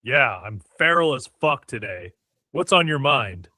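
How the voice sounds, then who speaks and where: A man's voice: medium pitch, big pitch swings, a little slow, sharp tone, no room sound, clean studio sound. A male AI chatbot voice, dismissive and crude, brushing everything off. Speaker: AI chatbot panelist. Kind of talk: casual chat.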